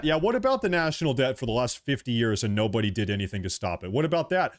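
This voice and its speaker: A man's voice: medium pitch, very animated, quick pace. A man in his early thirties from the United States, giving a heated political rant full of repetition and swearing. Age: 30s. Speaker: political commentator.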